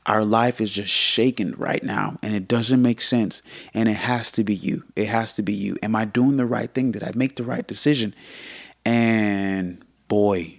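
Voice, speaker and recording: A man in his thirties talks in a casual conversational chat. His voice sits fairly low, and he speaks earnestly, often repeating a phrase to drive it home. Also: fairly even intonation, normal speed, creaky, dry recording, clean studio sound. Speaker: podcast co-host.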